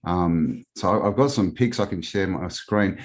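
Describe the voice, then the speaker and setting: A man's voice: sits low, normal speed. A man with an Australian accent, a guest on a live stream, talking in a rambling, casual way with many fillers.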